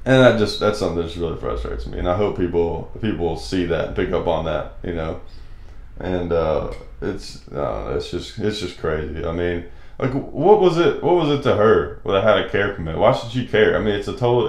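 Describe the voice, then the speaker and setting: A man's voice: low voice, roomy sound. A man hosting a casual monologue show, telling stories and airing opinions in a rambling, conversational way. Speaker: radio show host.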